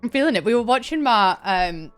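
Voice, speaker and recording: A woman's voice: fairly high pitch, expressive, a little fast, faint music behind. A young woman chatting casually on a live stream, thanking viewers by name and laughing often. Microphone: desk mic, camera on.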